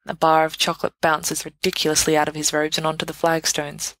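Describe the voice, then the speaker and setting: A woman narrating a fan story aloud in an even, measured way. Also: sits low, no room sound, poor audio. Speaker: podfic reader. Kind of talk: scripted narration.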